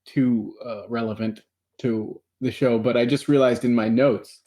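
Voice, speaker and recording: A man co-hosting a podcast in a relaxed, casual chat. He laughs often and rambles, restarting his sentences as he works through his thoughts about a show. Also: medium pitch, a little slow. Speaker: podcast co-host.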